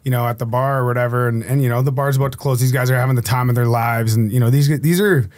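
A man's voice: mid-range voice, steady tone, fast, a little mellow. A man who is a former hockey player, telling a story as a podcast guest in a loose, rambling way full of fillers. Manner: rambling storyteller, many fillers like "you know". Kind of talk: casual anecdote telling.

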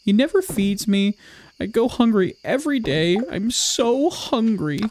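A man's voice: sits high, sing-song, measured pace, a little mellow, voice pushed up. A man voicing a neglected male farm animal who grumbles that he is never fed or watered. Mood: whiny. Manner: whiny, complaining.

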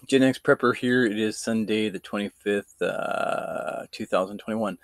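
A man's voice: lowish voice, a little slow, no room sound, studio quality. A middle-aged man ranting angrily and profanely as a vlogger, repeating himself for emphasis. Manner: angry, profane, repetitive ranting. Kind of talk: ranting vlog monologue.

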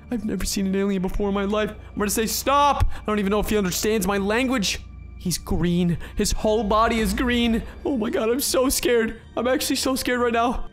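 A young man narrating his game role-play as a gaming YouTuber, excitable and panicky, often shouting and saying "bro" and "dude". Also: high voice, a little fast, soft background music.

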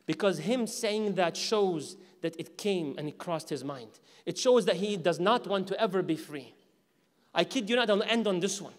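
A man with a fairly high voice teaches at a mosque in a lively lecture style. He acts out imagined speakers and keeps asking the audience questions. His voice carries a long reverb from the hall. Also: normal speed. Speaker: Islamic teacher. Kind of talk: religious lecture.

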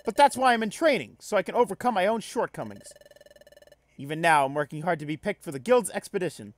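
A man voicing a timid, earnest young male creature who speaks softly and doubts himself. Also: sits high, animated, quick pace, pitched above the performer's own voice. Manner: soft-spoken, earnest, self-doubting.

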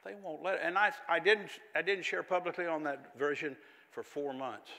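An older pastor preaches with a bright, forceful voice, swinging between quiet storytelling and fiery, zealous outbursts. His words ring out into a long church-hall reverb. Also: on the high side, normal speed. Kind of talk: sermon.

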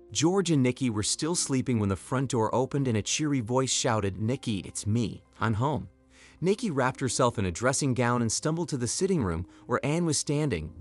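A man narrating a scripted drama story in an expressive, even-paced reading. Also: medium pitch.

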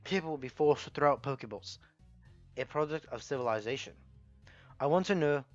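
Man playing pompous male villain, theatrical halting reading, slightly dull sound, soft game music. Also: mid-range voice, dry recording, close to an everyday voice. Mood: grandiose. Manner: theatrical, stumbling dramatic reading of game text.

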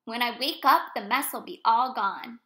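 A fun-loving storybook bear speaks up loud and hearty, as a woman reads him. The voice stays high and bright, easygoing and cheerful. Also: expressive, moderate pace. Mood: jolly.

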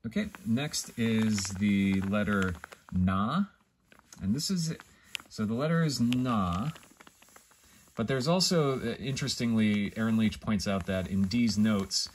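A man teaching an alphabet in a casual, rambling way, pausing and correcting himself often as he thinks aloud. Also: fairly low pitch, a little hiss or hum. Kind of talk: casual explanatory lesson.

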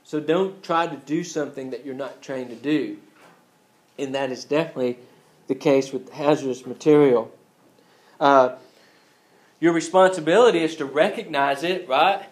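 A man's voice: fairly high pitch, normal speed, reverberant, poor audio. A man teaching an EMT class in a casual lecture style, joking and acting out scenes as he goes. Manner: joking, acts out scenes with voices. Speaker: EMT instructor.

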